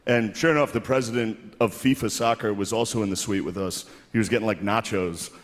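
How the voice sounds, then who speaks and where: A male comedian rambles through an anecdote in a stand-up set at an awards show, laughing between lines. His voice is fairly low and a little fast, recorded in an echoey hall with faint noise.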